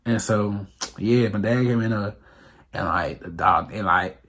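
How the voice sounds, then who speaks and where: A man's voice: fairly low pitch, a little slow, a bit bright. A young man telling a rambling, profane storytime on his vlog, full of fillers. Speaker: vlogger. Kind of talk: casual storytime monologue.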